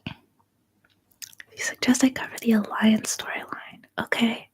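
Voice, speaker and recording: A Canadian woman in her thirties, whispering a soft-spoken, rambling ASMR livestream chat. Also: a little high, flat delivery, takes it slowly. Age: 30s. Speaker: ASMR streamer.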